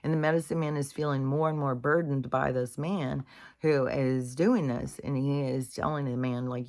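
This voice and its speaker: A woman's voice: extremely low pitch, steady tone, moderate pace, darkish tone. Candid woman musing on healing. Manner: candid, swears freely, restarts often. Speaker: healing and spirituality speaker. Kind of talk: casual spiritual monologue.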